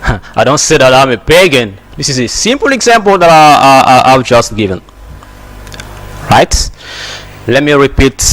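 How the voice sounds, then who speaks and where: Congolese guy teaching english on tv, pretty high voice, takes it slow, repeats everything. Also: fairly bright tone. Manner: slow, repetitive teaching with example sentences. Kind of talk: broadcast English lesson.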